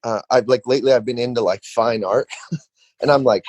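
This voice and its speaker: A man's voice: mid-range voice, moderate pace, darkish tone, dry recording. Laid-back man hosting a podcast. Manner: laid-back, says "like" constantly, reflective. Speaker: podcast host. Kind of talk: casual podcast chat.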